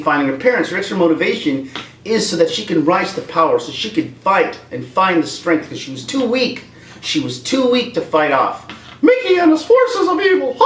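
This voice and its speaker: Animated man ranting with comedy flair. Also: a little high. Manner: animated, rambling, breaks into voices. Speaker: video creator. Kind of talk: comedic rant. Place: room at home with a dog. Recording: roomy, distant from mic.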